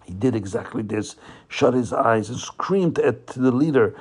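A man telling a religious folk tale in an animated way, often repeating phrases for emphasis. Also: mid-range voice, moderate pace, breathy edge. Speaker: storyteller.

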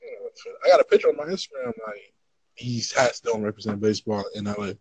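A man's voice: lowish voice, lively intonation, quick pace, darkish tone, slightly rough, dry recording, rough recording. A man from Los Angeles chatting casually, rambling with lots of fillers as he explains his point. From Los Angeles area. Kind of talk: casual chat.

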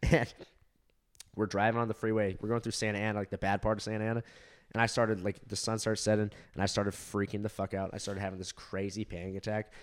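A man's voice: fairly low pitch, flat delivery, brisk. A young man from Southern California, a comedian, telling a long story in casual chat, rambling with lots of fillers, laughs and swearing. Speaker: comedian podcast co-host.

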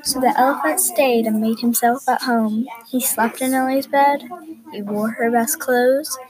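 A woman reading a children's picture book aloud in a careful, expressive way. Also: high-pitched, measured pace, poor audio. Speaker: reader. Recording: crowd chatter behind.

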